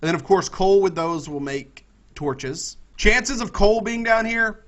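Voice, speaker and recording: A man with a Southern US accent, giving excitable let's-play commentary and talking both to himself and to his viewers. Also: high voice, a little slow, highs cut off. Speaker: gaming YouTuber.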